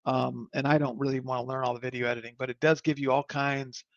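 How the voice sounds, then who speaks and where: Salesy guy walking people through a software demo live, kinda rambly, dull dry computer mic. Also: medium pitch, little pitch movement, fast, vocal fry, dry recording. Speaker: webinar host demoing software. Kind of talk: live online product demo. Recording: slightly muffled dry audio.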